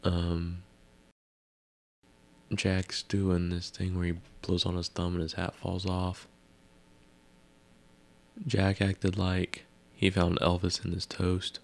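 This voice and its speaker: A man recaps a TV episode in a loose, rambling way, dropping wry asides and musing out loud. His voice sits very low and carries a gravelly fry. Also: completely flat delivery, slow, pauses often. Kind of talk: casual spoken episode recap.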